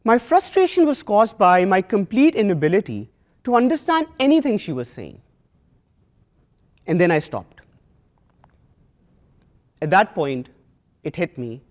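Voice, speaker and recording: Expressive man with a South Asian accent. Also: sits high. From Pakistan. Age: young adult. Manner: measured, earnest, with rhetorical pauses. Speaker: student speaker. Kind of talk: prepared talk to an audience.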